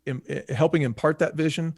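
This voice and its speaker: Fast-talking man in animated interview. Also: on the high side, dry recording. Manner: animated, acts out quotes, frequent "you know" fillers. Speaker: podcast guest, former restaurant chain CEO. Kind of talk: casual conversational interview.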